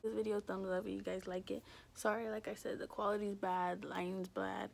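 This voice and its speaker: A young woman vlogger casually telling a story at home, chatty and animated, full of fillers. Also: medium pitch, brisk, vocal fry, a little hiss or hum. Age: young adult.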